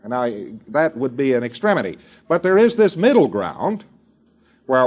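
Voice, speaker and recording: A man's voice: medium pitch, sing-song, moderate pace. A man giving a lecture to students, rambling with many fillers and acting out little dialogues. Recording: dull lo-fi tape recording.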